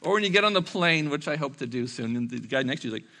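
A middle-aged man, a pastor, preaching a sermon with animated storytelling, acting out voices and laughing along the way. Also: a little high, fast talker.

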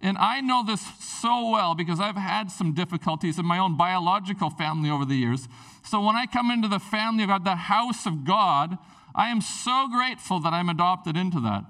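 A man preaching a sermon in a church, telling stories with lively swings from loud bursts to hushed tones. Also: high voice, a little fast, distant mic. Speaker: pastor.

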